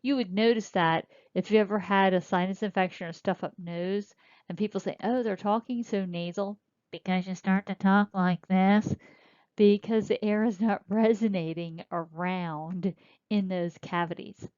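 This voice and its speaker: A woman teaching a recorded lecture, explaining slowly and spelling out terms as she points. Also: medium pitch, fairly even intonation, darkish tone, no room sound. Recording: dull lo-fi dry recording.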